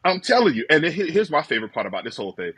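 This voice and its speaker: A man with a slightly husky voice talks college football with a co-host, animated and full of mock quotes. The sound is dry and close, with no room around it. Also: a little high, rapid-fire, dry recording. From rural southern United States. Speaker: co-host of a fan call-in show. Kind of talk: casual sports talk.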